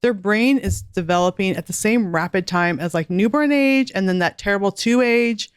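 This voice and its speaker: A woman's voice: medium pitch, moderate pace, clean tone, dry recording, clean studio sound. A woman in her forties, a guest author and homeschool mom, chatting earnestly in a podcast interview with light laughs.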